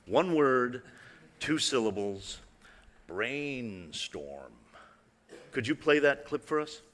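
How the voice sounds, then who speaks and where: Male illusionist presenter, bright tone, chatty and playful with a live crowd, big reverberant hall. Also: medium pitch, big pitch swings, slow. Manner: conversational, playful, asks the audience questions. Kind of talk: live stage talk with demonstrations. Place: large hall with live audience.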